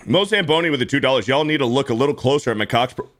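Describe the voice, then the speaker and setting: A man's voice: medium pitch, lively intonation, racing, fairly bright tone. Hiccuping man reading chat messages. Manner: profane, laughing through readouts. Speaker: host reading super chats. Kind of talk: casual livestream chat.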